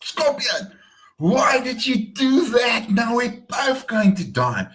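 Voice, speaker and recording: A man's voice: very high-pitched, sing-song, slow pace, fairly bright tone, voice pushed up, full character voice. A man voicing a male frog, crying out in dismay. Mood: shocked. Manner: cautious, then crying out in dismay. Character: wary male frog, alarmed when stung.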